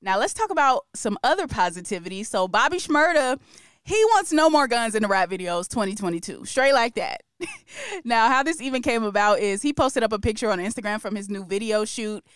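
A woman's voice: fairly high pitch, lively intonation, fairly quick, a bit bright, smooth, no echo, studio quality. A woman co-hosting a podcast, chatting casually and laughing often, playful and opinionated. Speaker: podcast co-host. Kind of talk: casual chat.

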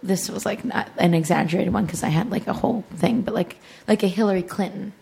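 A woman's voice: medium pitch, quick pace, vocal fry, a little mellow, a little hiss or hum. A woman guest on a comedy podcast, chatting crudely and eagerly. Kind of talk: casual comedy podcast chat.

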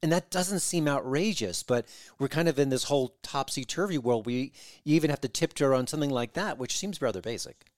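A man hosts a casual podcast interview, framing his questions in a measured, thoughtful way. His pitch is average and steady. The recording is dry and close, with no room echo.

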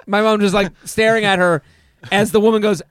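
Man, podcast host, high voice, animated storyteller, dry close mic. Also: brisk, clean tone, dry recording. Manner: animated storyteller, acts out his mom's lines in a high voice. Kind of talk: casual storytelling chat.

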